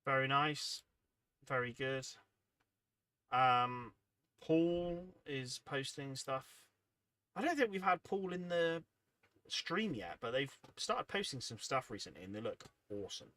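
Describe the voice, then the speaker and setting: A man's voice: medium pitch, animated, takes it slowly, pushed and bright. A man hosting a hobby livestream, chatting casually and reading out viewer comments, rambling and self-deprecating, sounding tired and yawning. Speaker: livestream host.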